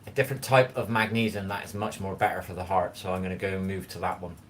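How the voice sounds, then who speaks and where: Cooking and tidying in his home kitchen, a livestream host chats casually with viewers, wandering between topics, addressing the chat directly, and occasionally swearing bluntly. His deep voice holds a level tone and moves fast, with slight background noise behind it.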